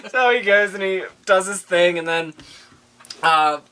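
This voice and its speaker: A woman's voice: on the low side, pushed and bright, slight background noise. A woman co-hosting a casual TV recap, playful and jokey, cutting in with her own takes. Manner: playful, giggly, jumps in with jokes. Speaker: podcast co-host.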